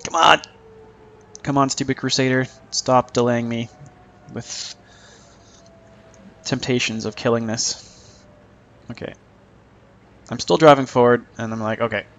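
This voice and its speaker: A man's voice: mid-range voice, steady tone, unhurried, pauses often. Joking man commentating a tank game. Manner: joking, self-mocking, chuckles often. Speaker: gameplay commentator.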